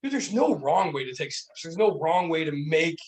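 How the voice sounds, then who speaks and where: A man's voice: on the high side, moderate pace, recorded from a distance, low-quality recording. A man co-hosting a casual podcast, telling rambling stories full of fillers. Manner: animated, rambling storyteller with many fillers. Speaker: podcast co-host. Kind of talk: casual chat. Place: small room, beer podcast.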